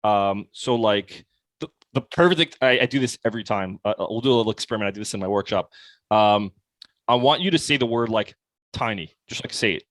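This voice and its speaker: A young man, a sales coach guest on a podcast, explaining his methods in a casual, animated way with lots of "like.". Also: on the low side, fairly quick, dry recording. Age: young adult. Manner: casual, animated, heavy use of "like". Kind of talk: conversational podcast interview.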